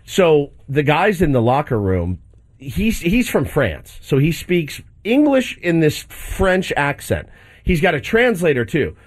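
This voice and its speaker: A man's voice: fairly high pitch, a little slow. A man hosting a sports talk show, chatting enthusiastically and jokingly about a match. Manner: enthusiastic, animated, jokey. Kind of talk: casual sports chat.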